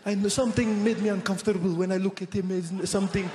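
A man's voice: sits high, fairly even intonation, quick pace, a little mellow, natural voice. A man putting on a sly, overly polite older Pakistani gent. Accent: Pakistani, put on. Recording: live show in an echoey hall with audience noise.

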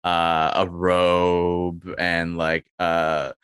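Low-voiced man spitballing silly ideas. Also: completely flat delivery, drawn-out words, a bit bright, smooth, no echo. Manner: rambling, many fillers, acts out quoted lines in a raised voice. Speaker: podcast co-host. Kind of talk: casual comedic chat.

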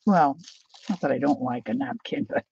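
A woman hosting a casual live chat with her viewers, talking them through things as she unpacks and sometimes dropping to a soft whisper. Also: extremely low pitch, animated, normal speed, gravelly, slightly rough, dull audio. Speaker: livestream host.

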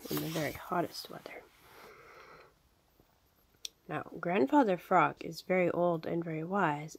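A woman narrating a storybook in a gentle, half-whispered reading style. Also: on the low side, vocal fry, breathy edge. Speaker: reader.

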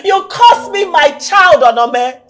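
A woman's voice: very high voice, lively intonation, slow pace, exaggerated voice. A woman playing a grieving young mother who curses and wails, in a film drama. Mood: enraged grief. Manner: wailing, cursing, shouting.

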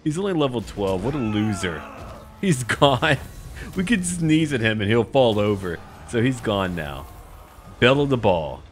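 This gaming YouTuber narrates his roleplay strategy game campaign with boastful, playful trash talk aimed at the enemy. He sounds very animated in a mid-range voice at normal speed, with a little hiss or hum.

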